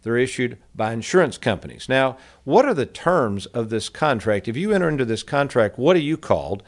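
A man's voice: medium pitch, very animated, a little fast. Folksy middle-aged male radio host, chatty advice talk. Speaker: radio show host, annuity advisor. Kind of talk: casual financial advice talk.

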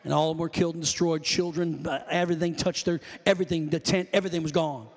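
A man preaching a fervent sermon in a church, often shouting calls to the congregation. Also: on the high side, fairly even intonation, quick pace. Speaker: pastor. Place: church sanctuary. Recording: long hall reverb.

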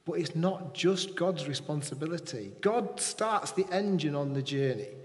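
A male preacher with a fairly high voice, delivering a sermon in a church hall where his words ring out with a long reverb. He keeps the congregation involved, tossing questions to them and checking they are with him. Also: normal speed. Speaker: pastor.

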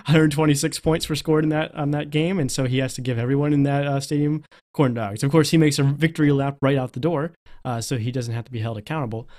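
Male co-host, mid-pitch, casual chatter with fillers and easy laughter. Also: fairly even intonation, quick pace, darkish tone. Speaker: podcast co-host. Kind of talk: casual film discussion.

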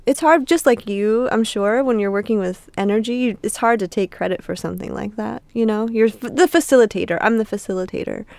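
A woman speaks as a podcast guest. She talks in a gentle, modest way. Her voice has a gravelly edge and is recorded dry. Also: mid-range voice, brisk, hardly any pauses, no echo. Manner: modest, soft-spoken. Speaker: acupuncturist guest. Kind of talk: casual podcast chat.

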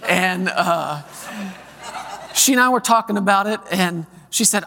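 A man preaching a sermon, telling family stories and reading scripture with drawn-out emphasis. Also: sits high, expressive, creaky, sharp tone. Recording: long echo of a large hall.

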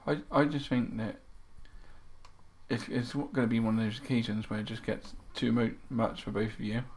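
A man interviewing casually, asking questions in a hesitant, halting way. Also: medium pitch, fairly even intonation, darkish tone. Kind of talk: casual chat.

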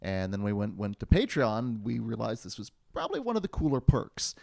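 A man hosting a podcast in a casual chat, talking in an animated, wordy way with playful puns. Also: fairly low pitch, a little fast, vocal fry. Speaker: podcast host.

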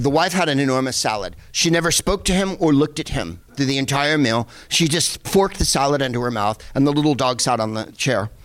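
A middle-aged man casually telling a lively anecdote, full of asides and the odd curse. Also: mid-range voice. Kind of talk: casual storytelling.

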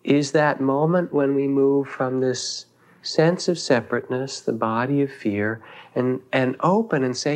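A man giving a dharma talk as a meditation teacher, reflective and unhurried, with thoughtful pauses as he tells a teaching story. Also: mid-range voice, lively intonation.

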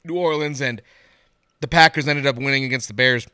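A man co-hosting a podcast in casual sports chat, animated and acting out what coaches say. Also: mid-range voice, fairly quick, clean tone, no room sound, clean studio sound. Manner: animated, acts out quoted coaches. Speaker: podcast co-host.

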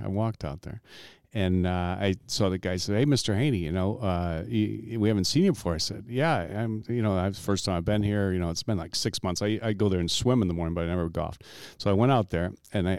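Lively, rambling man telling golf stories. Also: creaky, no echo, clean studio sound. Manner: rambling, with lots of restarts and lively pitch swings. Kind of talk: casual storytelling chat.

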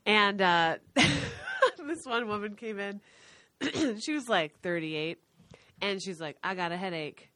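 A woman's voice: mid-range voice, wildly swooping pitch, slow pace, bright, forceful tone, no room sound. A woman in casual chat, telling an anecdote and quoting other people's voices.

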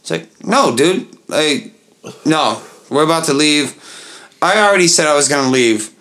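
A man's voice: on the high side, normal speed, slight background noise. Profane young man telling a rowdy story. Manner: profane, animated storyteller acting out others' pleading voices. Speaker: podcast co-host. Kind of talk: casual storytelling chat.

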